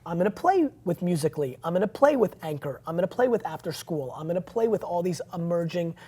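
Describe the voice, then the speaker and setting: A man's voice: high voice, lively intonation, quick pace, mellow, husky. A man as an interview guest, talking in a brash, emphatic way and swearing freely. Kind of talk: casual interview chat.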